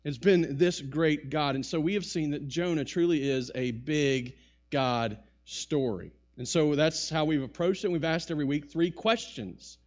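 Animated preacher man, muffled sound. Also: a little high, unhurried. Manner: animated preaching with rising bursts and asides to the congregation. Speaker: pastor. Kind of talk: sermon. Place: church sanctuary.

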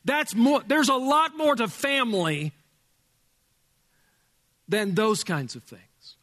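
A male pastor preaching a sermon, earnest and emphatic, slowing down to stress key words. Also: very high voice, big pitch swings, a bit bright.

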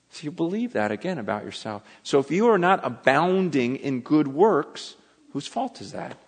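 A man preaching a sermon, earnest and emphatic, often repeating words and restarting as he presses a point, swinging between soft and forceful delivery. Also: fairly high pitch, big pitch swings, normal speed, slightly rough, big-room sound. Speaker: pastor.

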